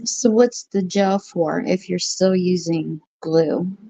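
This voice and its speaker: A woman's voice: lowish voice, takes it slowly, gravelly, dark tone, husky, low-quality recording. A woman chatting with a friend on a video call, easygoing and shrugging things off. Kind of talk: casual video chat.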